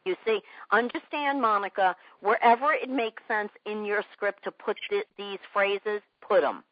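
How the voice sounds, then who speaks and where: A woman's voice: mid-range voice, moderate pace, no echo. Woman sales trainer coaching over a muffled line. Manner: repeats herself, acts out both sides of calls, keeps asking if it makes sense.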